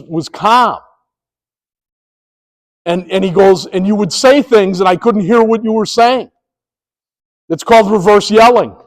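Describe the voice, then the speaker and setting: A middle-aged man with a fairly high voice presents a conflict-management training to sports officials. He talks like a former cop telling stories, slipping into the voices of the people he quotes as he teaches. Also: big-room sound, low-quality recording. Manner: storytelling, animated, acts out quoted dialogue.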